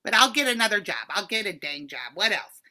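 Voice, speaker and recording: A woman's voice: big pitch swings, fairly quick, bright, forceful tone. A woman improvising a brash, scattered neighbor in her late fifties, talking emphatically in a comedy scene. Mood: scheming, flighty. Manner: emphatic, scattered, swoops up in pitch. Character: brash 58-year-old woman neighbor Karen, scheming and flighty. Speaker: improv performer.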